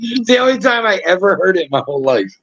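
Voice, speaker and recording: A man's voice: high voice, sing-song, fast talker, a bit bright, no echo, lo-fi sound. An American man co-hosting a casual chat show, joking and slipping into mock accents. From United States. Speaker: podcast co-host.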